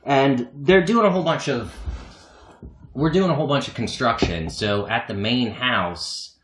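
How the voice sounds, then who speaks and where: A man's voice: mid-range voice, a little slow. A man co-hosting a podcast, telling a long self-mocking story in a rambling, casual way and laughing often. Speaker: podcast co-host. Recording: echoey room.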